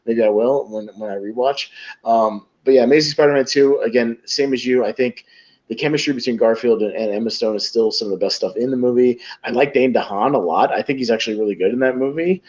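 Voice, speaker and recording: A man chatting casually as a podcast host, excitable and rambling, his talk stuffed with fillers. His voice sits mid-range and comes through a dull, lo-fi recording. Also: mid-range voice, quick pace. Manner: excitable, rambling, full of "you know" and "like". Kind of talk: casual chat.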